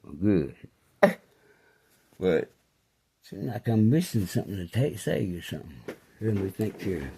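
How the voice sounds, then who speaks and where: A man's voice: sing-song, a little slow, creaky, pauses often, slightly rough. Rambling man telling loose stories. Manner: loose and repetitive, heavy on fillers like "man" and "you know"; drops low and quiet when speaking of faith. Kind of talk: rambling casual storytelling.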